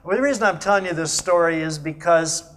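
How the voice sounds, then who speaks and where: Male guest speaker, fairly high voice, lively anecdotal storyteller quoting others. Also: fast talker. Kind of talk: storytelling talk. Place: meeting room at a business networking breakfast.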